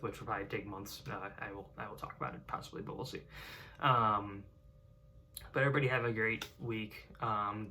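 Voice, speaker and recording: A man's voice: fairly low pitch, pushed and bright, a little hiss or hum. A young man talking casually to camera in a rambling way, full of fillers and restarts. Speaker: vlogger.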